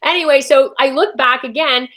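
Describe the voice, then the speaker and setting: Animated woman telling her story. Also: high voice, normal speed. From Canada. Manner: animated, acts out her own past thoughts. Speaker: interview guest. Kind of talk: emotional personal storytelling.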